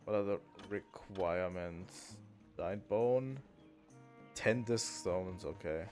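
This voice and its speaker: A man with a fairly low voice talks casually as he streams a video game, thinking aloud and pausing on ums. Faint game music plays underneath him. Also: darkish tone. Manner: musing aloud to himself, with frequent ums and restarts. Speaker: gaming streamer. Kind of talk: casual let's-play commentary.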